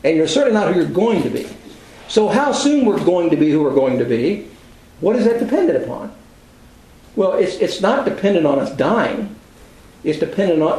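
An older man gives a conversational sermon to a class, telling self-deprecating stories in a folksy way. His voice sits high, and the room echoes around him. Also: darkish tone. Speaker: Bible class teacher.

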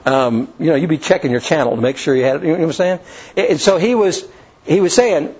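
A man's voice: a little high, brisk, a little mellow, husky, dull audio. A man preaching a sermon, acting out the scenes he tells. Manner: folksy storytelling, acts out the scenes.

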